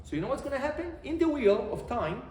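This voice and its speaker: A man, a rabbi, giving an animated Torah lesson, repeating phrases and quizzing his listeners. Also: extremely high pitch, fast. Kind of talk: Torah lesson to a live group. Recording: echoey room, faint background noise.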